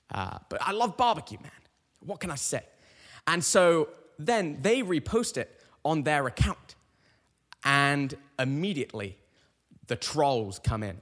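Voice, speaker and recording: A young man in his twenties hosting a podcast, telling a casual, rambling story with lots of restarts. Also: on the high side. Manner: animated, rambling with frequent restarts. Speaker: podcast host. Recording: long reverberant echo.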